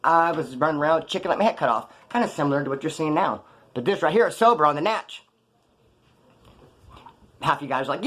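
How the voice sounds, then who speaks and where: A man's voice: on the high side, animated, brisk, pauses often, a bit bright. A man casually telling rambling, profane prison stories off the cuff, full of slang. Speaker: storyteller recounting his prison past.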